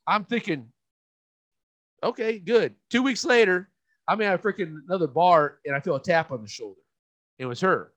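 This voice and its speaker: A man's voice: high voice, lively intonation, moderate pace, pauses often, fairly bright tone, no echo, dull audio. A man telling a crude, rambling story in casual podcast chat, stammering and restarting as he goes.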